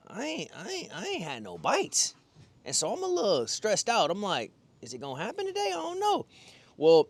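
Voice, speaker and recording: A young man from California, a pro bass angler, excitedly recounting his day in a slangy, casual way. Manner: excitable, slangy, retells his own thoughts aloud. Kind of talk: casual fishing vlog storytelling.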